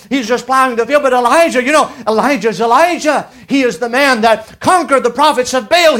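A man preaching a sermon, reading scripture slowly and deliberately and rising to an emphatic, raised delivery. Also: very high-pitched, a bit bright.

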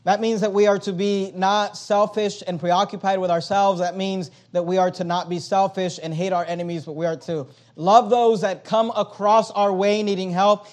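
High-voiced preaching man. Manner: emphatic preaching, loud high swings and quiet low drops. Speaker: pastor. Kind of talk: sermon.

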